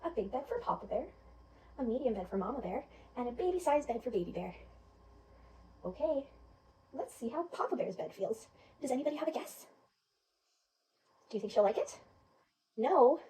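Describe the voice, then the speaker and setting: A woman teacher telling a children's story in an animated way, asking the children questions. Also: fairly high pitch, distant mic, rough recording.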